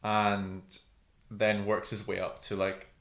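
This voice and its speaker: A man's voice: on the low side, completely flat delivery, slow pace, a bit bright. A man co-hosting a podcast, chatting casually about TV and thinking aloud with many ums. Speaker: podcast co-host. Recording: roomy echo.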